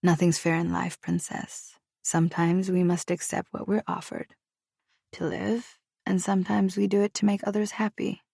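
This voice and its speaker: A woman reading the lines of a brooding, commanding man who speaks in a calm, teasing, cryptic way. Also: on the low side, moderate pace, creaky, husky, no echo, clean studio sound.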